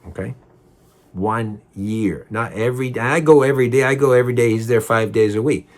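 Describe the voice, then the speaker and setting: A man's voice: medium pitch, fairly quick. A man telling a personal story in a heated, rambling way, repeating himself and swearing.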